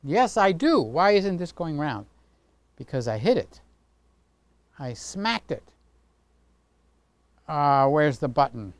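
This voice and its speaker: A man's voice: a little high, very animated, slow pace, long pauses, no room sound. A man hosting a casual livestream, chatting playfully with viewers and talking with his hands. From Greek heritage. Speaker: livestream host.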